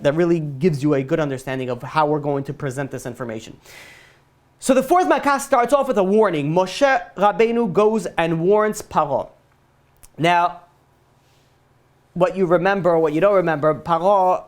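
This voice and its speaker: A man teaching a casual Torah lesson as a rabbi, retelling the story with jokes and side tangents. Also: fairly high pitch. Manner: joking, digressive storytelling.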